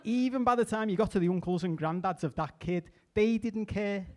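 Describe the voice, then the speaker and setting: A man's voice: high voice, fairly quick. Liverpudlian man doing stand-up. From England. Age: middle-aged. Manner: chatty, deadpan asides, repeats words when restarting. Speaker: stand-up comedian. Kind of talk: stand-up comedy set.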